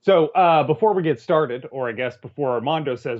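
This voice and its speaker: A man's voice: mid-range voice, brisk, hardly any pauses. A man co-hosting a movie review podcast with wry, sarcastic jokes in casual chat. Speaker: podcast co-host. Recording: dull, lo-fi sound.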